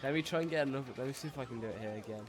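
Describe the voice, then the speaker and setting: A young man chats casually while gaming on a stream, laid-back and rambling, often restarting his sentences. His voice is medium-pitched and very fast, with music playing behind him.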